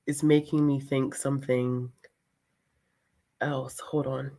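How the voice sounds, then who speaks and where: A woman's voice: very deep voice, flat delivery, slow, dark tone. A woman hosting a book vlog, chatting casually with viewers and laughing often between words as she talks. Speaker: book vlogger hosting a reading sprint.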